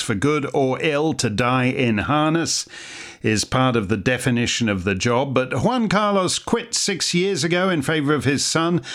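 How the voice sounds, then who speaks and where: A man's voice: medium pitch, a bit bright. A middle-aged man hosting a commentary show, delivering sarcastic, mocking scripted remarks with dry wit.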